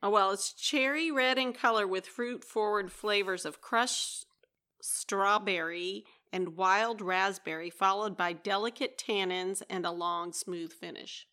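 A woman co-hosting a casual podcast, chatty and quick to laugh. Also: mid-range voice, pushed and bright. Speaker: podcast co-host. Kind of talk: casual chat.

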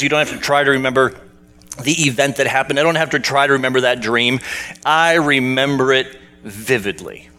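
Bright-voiced male pastor telling stories. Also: medium pitch, fairly quick, faint music behind. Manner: conversational, asks the congregation questions. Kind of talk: storytelling sermon.

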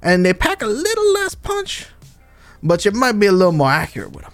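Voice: mid-range voice, huge pitch swings, fairly quick, soft background music, pitched above the performer's own voice. A game master voicing a big, fussy old male shopkeeper who gushes and calls everyone darling. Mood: showing off. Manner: gushing, calls people darling and loves.

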